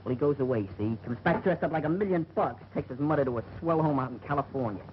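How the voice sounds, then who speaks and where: A young actor playing a stubborn, eager street kid who dreams big, talking in slang. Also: male voice, a little high, fast, lightly acted. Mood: determined. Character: eager young male street kid set on being a jockey. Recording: muffled, slightly hissy 1940 film soundtrack.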